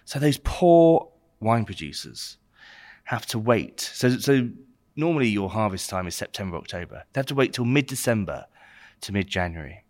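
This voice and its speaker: A man's voice: fairly low pitch, sing-song, moderate pace, darkish tone. A man presenting wines in a casual chat, explaining with enthusiasm. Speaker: wine expert presenting wines.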